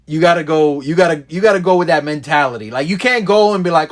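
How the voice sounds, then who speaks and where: A man with a notably high voice hosts a loose conversation, laughing often and putting on hyped-up voices for comic quotes. He speaks in a relaxed, easygoing way. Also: fast talker. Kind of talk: casual chat.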